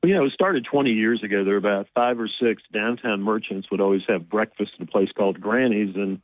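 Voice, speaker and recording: A man's voice: lowish voice, fast, no echo, narrow, tinny audio. A man calling in to a radio show, telling stories in an easygoing way. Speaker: caller. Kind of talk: phone-in radio chat.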